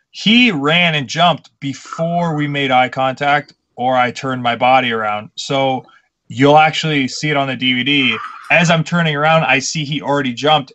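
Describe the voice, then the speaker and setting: A young man co-hosting a casual podcast, a pro wrestler who tells animated stories and swears casually. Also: medium pitch, dull audio.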